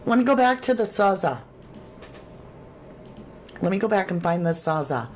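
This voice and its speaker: A woman's voice: medium pitch, very animated, normal speed, pauses often. A woman hosting a true crime livestream, reading chat aloud and reacting with sudden exclamations. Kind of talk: casual livestream commentary.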